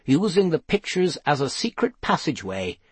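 A man voicing an excitable, curious investigator who talks eagerly. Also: on the high side, husky, dry recording, full character voice. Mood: excited. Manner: eager, brisk.

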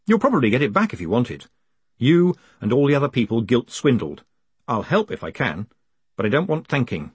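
Man playing a glib self-mocking con man, husky voice, lively pitch. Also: fairly quick, dry recording. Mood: wry. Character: smooth-talking male con man, charming, restless.

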